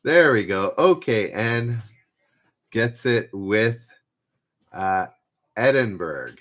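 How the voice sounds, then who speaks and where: A man hosting a live-stream trivia game, relaxed and self-deprecating, repeating each question as he reads out viewers' guesses. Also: lowish voice, takes it slowly. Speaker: trivia host.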